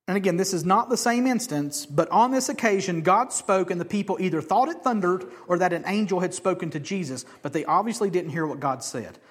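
A man preaching a sermon, shifting between hushed, slow emphasis and loud, high declarations, with casual jokey asides. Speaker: pastor.

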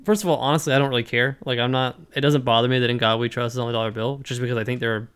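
Brief: young male co-host, rapid and crisp delivery, swears freely in casual chat. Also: medium pitch, steady tone, a bit bright. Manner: blunt, profane, fast rambling storytelling.

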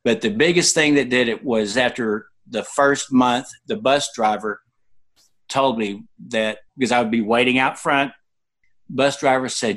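A man's voice: mid-range voice, moderate pace, fairly bright tone. A man around sixty, an interview guest, telling personal stories conversationally and acting out quoted people with sudden jumps in his voice.

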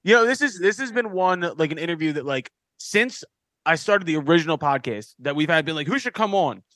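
A man's voice: on the high side, expressive, a bit bright, no room sound. A man with a Philadelphia accent hosting a podcast in casual chat, swearing and laughing as he tells stories. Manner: swearing, joking, quick laughs. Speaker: podcast host.

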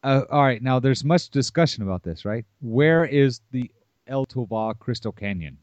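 A man in casual podcast conversation, mid-pitched and musing, who keeps turning statements into questions. The recording is dry and close with a slightly dull, muffled tone. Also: animated, normal speed, a little mellow, no room sound.

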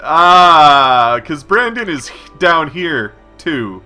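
A man at a tabletop game who talks through his character's moves with an animated, bright voice. He speaks in the first person and walks step by step through what he does. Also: on the high side, slow, faint music behind. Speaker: player. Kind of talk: tabletop role-play.

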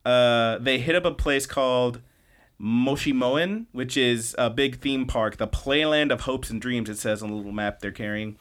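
Male podcast host, mid-pitched voice, loose chatty recap delivery with fillers and quick quoted lines. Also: fairly bright tone. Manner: chatty storytelling, quoting characters in quick bits; loose, with frequent fillers and swearing. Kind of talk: casual anime episode recap.

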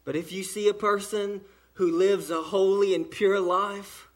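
A man with a Southern American accent preaching a sermon in church, with emphatic pauses. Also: high-pitched, steady tone. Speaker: pastor. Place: church during an evening service.

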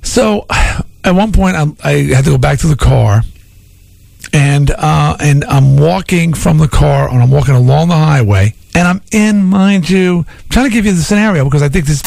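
With a slightly high, darkish voice and some vocal fry, a middle-aged Long Island man speaks at a moderate pace on a dry recording. He's a radio host in a casual talk radio chat, telling rambling stories with many restarts.

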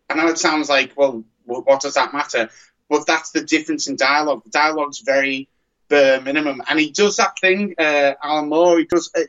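A man's voice: fairly high pitch, fairly bright tone, lo-fi sound. A man chatting casually as a podcast co-host, rambling and restarting his sentences often. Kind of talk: casual chat.

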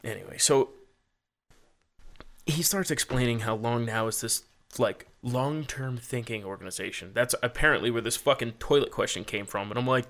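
A man's voice: mid-range voice, normal speed, fairly bright tone. A man telling a story in casual chat, rambling and swearing, with lots of "like" fillers. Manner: rambling, profane, heavy use of "like".

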